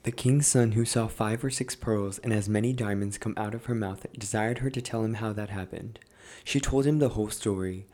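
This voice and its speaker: Low-voiced man reading a fairy tale. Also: moderate pace, a little mellow. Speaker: podcast host and reader. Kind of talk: storybook reading.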